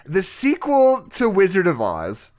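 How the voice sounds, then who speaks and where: A man's voice: high voice, wildly swooping pitch, unhurried, a loud crowd. A man co-hosting a podcast in casual chat, rambling and laughing often. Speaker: podcast co-host.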